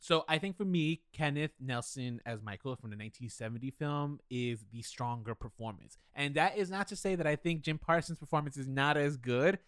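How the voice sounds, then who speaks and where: A man's voice: a little high, lively intonation, a little fast, hardly any pauses, a bit bright, clean tone, no room sound, studio quality. A man co-hosting a podcast, giving candid, opinionated takes on films in a casual chat and owning up to his own bias. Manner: opinionated, candid, self-deprecating. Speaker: podcast co-host. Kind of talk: casual film discussion.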